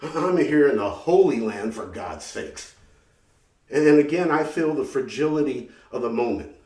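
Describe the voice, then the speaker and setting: A man's voice: mid-range voice, a little mellow. A man performing a solo theatrical story, telling it dramatically and often repeating words as he goes. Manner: dramatic, halting repetitions. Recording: roomy sound from a distant mic.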